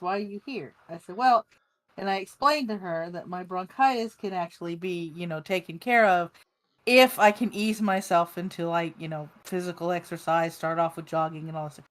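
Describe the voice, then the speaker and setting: A woman in a casual chat, telling a quick story and laughing along. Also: on the low side. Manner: chatty, laughs while telling stories.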